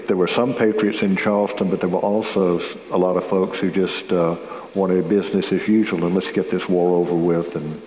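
A man explaining events in a measured, knowledgeable way, with frequent fillers. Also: deep voice, darkish tone. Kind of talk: relaxed radio-style discussion. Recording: roomy with long reverb.

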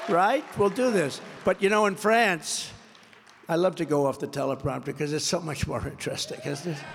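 Gravelly older man rallying a big hall. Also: on the high side, moderate pace. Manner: rambling, repetitive, boastful storytelling. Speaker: political candidate at a rally. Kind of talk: off-script campaign rally speech. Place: large indoor rally venue. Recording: long reverb from a large hall.

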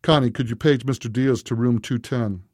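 A man voicing a calm, brisk female hospital nurse. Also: medium pitch, dry recording, studio quality, lightly acted.

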